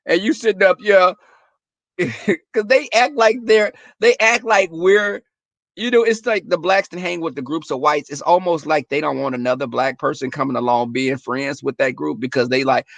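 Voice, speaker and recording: Male stream host, sassy and profane, slightly high voice, dry sound. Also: normal speed, gravelly, a bit bright, no echo. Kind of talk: casual chat with viewers.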